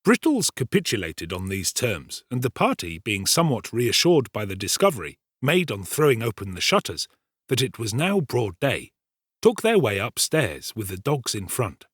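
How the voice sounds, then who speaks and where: A man in his thirties giving an expressive, theatrical audiobook narration. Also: on the low side, normal speed, slightly rough, no echo, studio quality.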